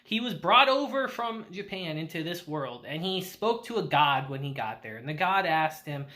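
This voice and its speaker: A woman casually recapping an anime episode, laughing often and acting out the characters. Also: deep voice. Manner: laughs often while retelling; animated, acts out characters in quick asides. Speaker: anime reviewer.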